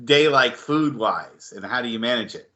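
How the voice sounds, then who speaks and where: A man hosting an interview, asking questions haltingly and restarting them. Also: mid-range voice, animated, pushed and bright, dull audio. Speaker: interview host.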